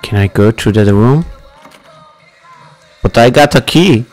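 A man's voice: medium pitch, expressive, a little slow, a little mellow. A young man hosting a casual let's-play, who laughs often and speaks with non-native phrasing. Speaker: gaming channel host.

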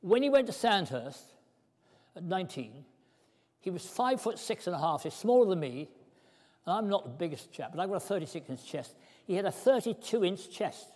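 Older man, lively history talk, higher voice, hall echo. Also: moderate pace. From Britain. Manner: animated storyteller, acting out props. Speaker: speaker at a historical society talk. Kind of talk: lively lecture with demonstrations. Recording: hall reverb.

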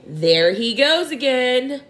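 A woman's voice: sits high, big pitch swings, slow, fairly bright tone, pitched above the performer's own voice, full character voice. A woman voicing a prim, scolding male earthworm in a storybook reading. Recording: roomy echo.

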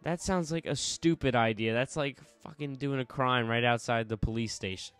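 A man's voice: medium pitch, moderate pace, fairly bright tone, clean tone, faint music behind. A young man hosting a let's play, chatting casually and joking while he plays. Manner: casual, joking, reads game text aloud. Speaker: host. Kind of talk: gameplay commentary.

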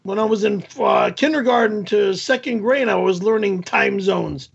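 A man hosting a live stream, talking to his chat in a blunt, irritated way and explaining things slowly. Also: high-pitched, creaky, husky, lo-fi sound. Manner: angry, yelling and cursing at chat; slow, over-explaining.

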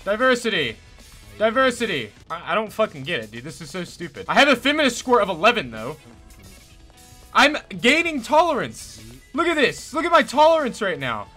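A man's voice: sits high, huge pitch swings, fairly quick, bright, forceful tone, faint music behind. A young man commentating a game he plays, exasperated, sarcastic and swearing often. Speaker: gaming YouTuber.

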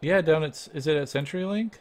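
A man's voice: fairly high pitch, fast talker, darkish tone. A man chatting casually during a game, asking curious questions and teasing his friend. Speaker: co-player. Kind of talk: casual chat while streaming a game.

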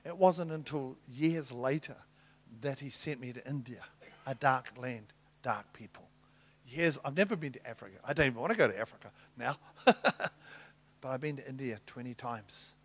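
A middle-aged man preaching a sermon, telling Bible stories and acting out the dialogue with big swings in loudness. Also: mid-range voice, moderate pace. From New Zealand. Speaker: apostle preaching.

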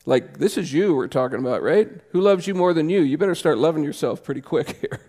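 A pastor preaching a sermon in a church, conversational and impassioned, jumping to loud emphasis. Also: male voice, fairly high pitch, lively intonation, fairly quick. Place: church sanctuary.

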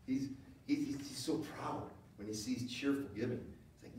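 Animated preaching man in echoey hall. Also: fairly quick, recorded from a distance, slight background noise. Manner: animated, swings from loud emphatic lines to low quiet asides. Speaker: pastor. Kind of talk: sermon. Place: church sanctuary.

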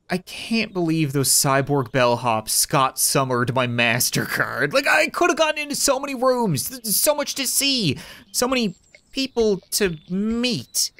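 A man's voice: sits high, very animated, a little slow, fairly bright tone, soft background music. A man giving crude, joking commentary while playing video games. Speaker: gaming YouTuber. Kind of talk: comedic gameplay commentary.

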